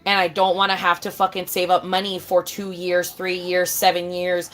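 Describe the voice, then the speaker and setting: A woman's voice: lowish voice, completely flat delivery, normal speed, a bit bright. A woman ranting casually to her camera, swearing often, repeating herself for emphasis and calling the listener babe. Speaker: vlogger.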